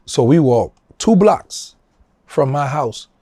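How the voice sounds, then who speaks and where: A middle-aged man with a New Orleans accent, telling a story as an interview guest and acting out quotes in a higher voice. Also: lively intonation, takes it slowly, dark tone, no room sound. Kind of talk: casual storytelling.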